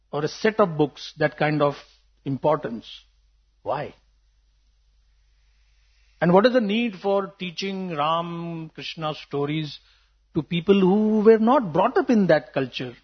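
Man preaching a sermon, husky. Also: fairly high pitch, lively intonation, slow pace, long pauses, lo-fi sound. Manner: storytelling with quoted voices, rhetorical questions.

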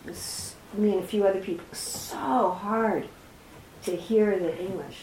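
Middle-aged woman teaching a scripture class, slow and distinct, roomy echo. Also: mid-range voice, steady tone, dark tone, slight background noise. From New York City. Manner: slow, deliberate, very distinct speech. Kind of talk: reading and explaining scripture to a class. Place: room with a small class.

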